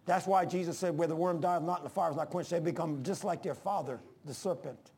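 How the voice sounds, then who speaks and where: A man preaching a sermon, emphatic, calling out to the congregation and dropping to hushed lines between loud peaks. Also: a little high, brisk. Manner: calls for congregation responses.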